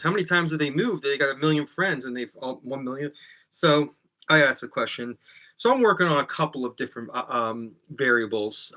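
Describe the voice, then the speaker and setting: Male comedy host, bright forceful tone, deadpan rambling monologue to camera, lots of ums, small closet room. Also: mid-range voice. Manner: meandering, full of ums, bursts into loud put-on shouts.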